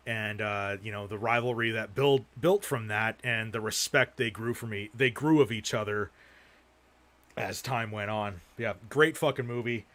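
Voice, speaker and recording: Young man, casual livestream chat, rambling, heavy swearing, middle-pitched voice. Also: sharp tone. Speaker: streamer showing his film collection.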